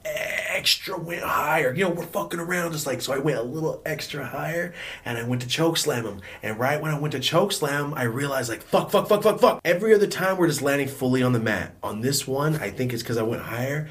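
A man's voice: mid-range voice, a little fast, a bit bright. A man telling a story from his school days in a casual, profane monologue, acting out scenes with sudden whispers and outbursts. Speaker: storytelling vlogger.

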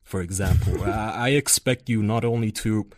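A man hosting a podcast in casual chat, excitable and swearing a lot, swinging between loud outbursts and low mutters. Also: moderate pace, dry recording. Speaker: podcast host.

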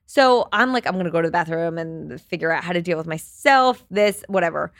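A woman's voice: on the low side, animated, brisk, dry recording, studio quality. A woman in her thirties hosting a solo podcast, telling a story in a candid, chatty way and swearing freely. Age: 30s. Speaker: podcast host.

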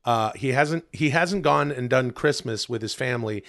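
A man co-hosting a podcast in casual chat, excitable and rambling, with many fillers and frequent swearing. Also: medium pitch, normal speed. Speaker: podcast co-host.

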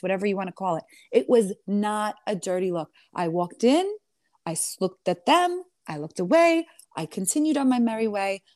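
A woman reality TV star in an interview, telling her side of a clash in a sassy, animated way and calling the listener honey. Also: mid-range voice, no room sound, clean studio sound. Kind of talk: candid storytelling interview.

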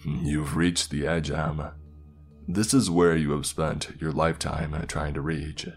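A man voicing a genderless, all-knowing being at the edge of the internet, speaking slowly and plainly. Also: a bass voice, fairly even intonation, soft background music. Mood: ominous. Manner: slow, plain, commanding.

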